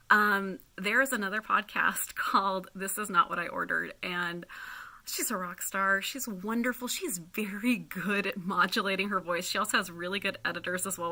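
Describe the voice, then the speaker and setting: A woman hosting her podcast in a casual solo update, rambling and apologetic with many fillers, laughing often. She is in chronic pain, and her voice turns high and shrieky. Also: bright, forceful tone. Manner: laughs often while talking. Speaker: podcast host.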